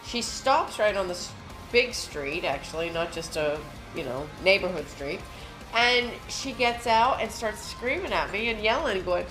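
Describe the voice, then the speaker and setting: A woman co-hosting a podcast, telling a rambling, animated story in casual chat. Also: medium pitch, a little slow. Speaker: podcast co-host. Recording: echoey room, faint music.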